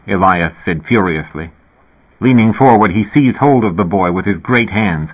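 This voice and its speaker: A man narrating an audiobook in a slow, deliberate way. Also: low voice, animated, breathy edge. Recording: tinny phone-like sound.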